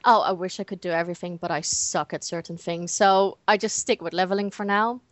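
Woman from Britain, podcast guest, casual and halting, dry close recording. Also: on the low side, fairly even intonation, dry recording. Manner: hesitant, many ums and restarts.

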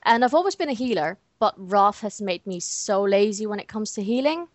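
Woman from Britain, podcast guest, casual and halting, dry close recording. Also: medium pitch, lively intonation, no echo. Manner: hesitant, many ums and restarts.

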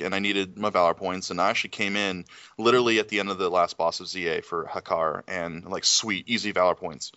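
On a laid-back gaming podcast, this man co-hosts with profane rants and storytelling packed with swearing. His low-pitched voice is bright, smooth, and forceful. The recording is dry and slightly dull lo-fi, with no room sound.

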